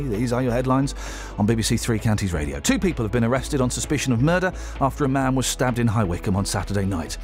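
A man's voice: mid-range voice, a little mellow. A man hosting a morning radio show from a studio, chatting casually and teasing, often stumbling over his words. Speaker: radio host.

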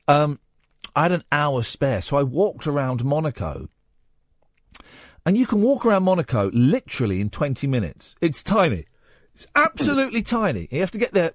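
A man's voice: fairly high pitch, dry recording. A man hosting a late-night radio show in a studio, chatting in a playful, teasing, rambling way. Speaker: radio host. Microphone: studio microphone.

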